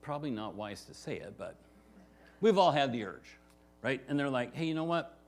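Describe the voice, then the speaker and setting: A man's voice: medium pitch, very animated, moderate pace, darkish tone. A man preaching a verse-by-verse sermon as pastor, talking to the congregation in a conversational way and often asking "right?". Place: church sanctuary.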